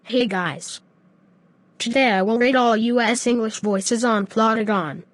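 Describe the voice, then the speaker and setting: A synthetic female voice reading a video script in a flat, even way. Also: on the high side, a little slow, no room sound. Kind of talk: text-to-speech narration.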